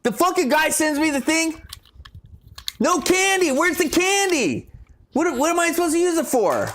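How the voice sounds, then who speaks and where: A man's voice: extremely high pitch, very animated, normal speed, a bit bright, slight background noise. A man co-hosting a casual live stream, blunt and sarcastic, with frequent swearing. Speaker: co-host.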